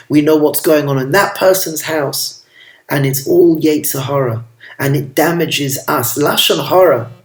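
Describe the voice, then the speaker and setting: Gentle rabbi with a roomy echo. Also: male voice, a little high. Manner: gentle, affectionate, with Hebrew and Yiddish terms. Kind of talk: storytelling sermon.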